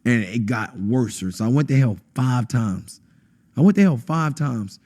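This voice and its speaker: Husky man telling a dramatic testimony. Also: animated, measured pace, a little mellow. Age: adult, has a wife. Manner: intense, acts out quotes with sudden high bursts. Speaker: podcast guest. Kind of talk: emotional testimony in conversation.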